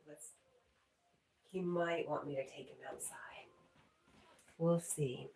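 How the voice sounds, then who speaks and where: At home, a woman hosts a relaxed livestream, chatting with viewers, reading their comments aloud, and talking to her pet. Her voice is low and darkish, slow-paced, with fairly even intonation. The mic sits at a distance, so the sound is roomy and echoey with faint background noise.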